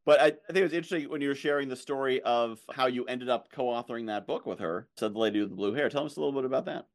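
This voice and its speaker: A man hosts an interview podcast, talking fast and with animation. His voice sits in a mid range, and he piles restarts into quick runs of speech. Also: mid-range voice. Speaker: podcast host. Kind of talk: interview conversation.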